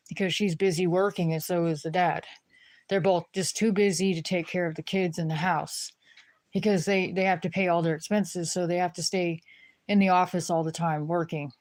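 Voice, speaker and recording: Rambling, griping woman with a lowish voice. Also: darkish tone. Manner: rambling, profane griping, lots of fillers. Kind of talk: casual rant to camera.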